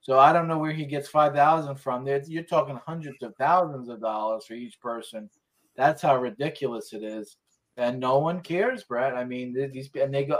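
A man's voice: medium pitch, moderate pace. A man talking as a guest on a casual political chat, ranting heatedly with restarts and swearing.

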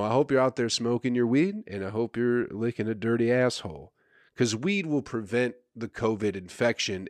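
A man's voice: mid-range voice, no room sound, clean studio sound. A male comedian hosting his own podcast, rambling in a crude, sarcastic way with mock self-importance. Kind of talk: casual solo podcast monologue.

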